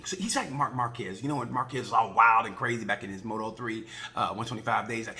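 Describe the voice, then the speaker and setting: A man giving a casual, rambling race recap, joking and acting out quick voices along the way. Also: mid-range voice, sharp tone. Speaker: motorcycle racing video reviewer.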